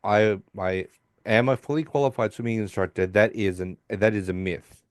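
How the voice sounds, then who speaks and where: A man's voice: fairly even intonation, moderate pace, no room sound, studio quality. A man co-hosting a podcast, casually recapping an episode and acting out the characters' lines in raised voices. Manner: acts out quoted lines in higher voices. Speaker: podcast co-host.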